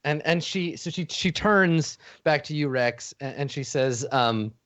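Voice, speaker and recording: Halting man running a tabletop game. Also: fairly high pitch, fairly bright tone, no room sound, muffled recording. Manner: casual, profane, halting. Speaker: game master.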